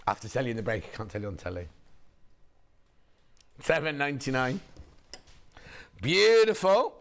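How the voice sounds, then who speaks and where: A hoarse man presenting on a shopping channel, chatting in a gossipy, rambling way between sales points. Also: on the low side, rapid-fire. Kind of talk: casual live sales chat.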